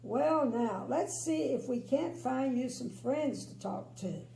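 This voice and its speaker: Storybook role: grandma doing a big, gentle strong man, deep and kind, slow, with a gravelly edge, in a roomy space. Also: lively intonation, exaggerated voice. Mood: reassuring. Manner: deep kindly fatherly voice. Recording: echoey room with faint hum.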